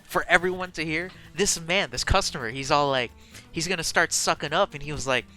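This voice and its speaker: Bright, excitable young man telling a story. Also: a little high, fairly quick, soft background music. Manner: animated, excitable, swings from mumbling asides to loud bursts; slangy and profane, full of fillers. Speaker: streamer. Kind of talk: casual storytelling to a live chat.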